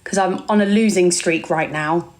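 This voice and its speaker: A woman's voice: fairly low pitch, normal speed. A young woman with an English accent, chatting casually on a live stream, reading out viewer comments and calling people darling. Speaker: livestreamer.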